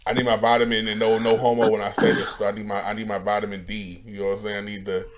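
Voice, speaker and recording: Chill guy hosting a podcast, lowish voice, joking around loose and slangy. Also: level tone, quick pace, crowd noise. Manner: laid-back, joking, slangy. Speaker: podcast host. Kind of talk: casual chat.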